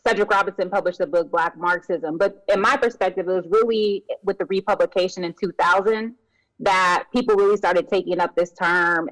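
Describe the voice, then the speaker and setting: A woman appearing as an academic guest on a podcast interview, giving measured, articulate explanations. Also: lowish voice, dry recording, poor audio.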